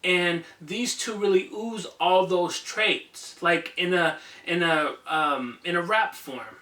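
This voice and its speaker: A man's voice: sits high, takes it slowly, sharp tone, distant mic. A man reviewing an album for his channel in a casual, enthusiastic, conversational way. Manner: enthusiastic, conversational, some fillers. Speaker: music reviewer, channel host. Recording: echoey room, voice a bit off-mic.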